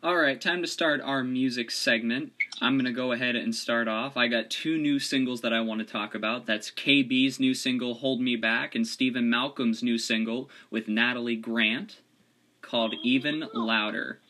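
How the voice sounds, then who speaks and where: A young man from Florida hosting a casual podcast, introducing segments and explaining songs in a steady way. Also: medium pitch, normal speed. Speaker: podcast host.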